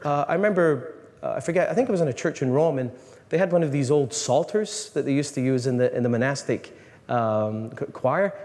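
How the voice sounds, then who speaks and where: A man, a priest, giving an animated, joking talk to a live audience, often restarting his sentences. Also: medium pitch, brisk. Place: large hall. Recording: long reverb in a hall, faint room noise.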